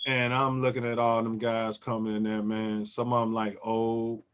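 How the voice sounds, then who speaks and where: A man, hosting and telling a story in casual chat, animated and repeating and restarting his phrases. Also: lowish voice, normal speed, smooth. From Chicago. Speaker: host.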